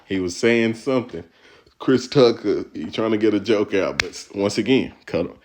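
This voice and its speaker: A man's voice: lowish voice, normal speed, background noise. A male stand-up comedian from Texas giving casual, playful, slangy commentary on his own set and laughing often. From Texas, USA.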